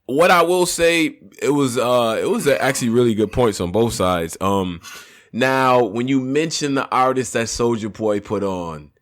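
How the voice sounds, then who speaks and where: A man hosting a casual podcast debate, talking in a laid-back, slangy way, his pitch swinging up and down as he muses. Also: normal speed, slight background noise. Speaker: podcast host and debate moderator.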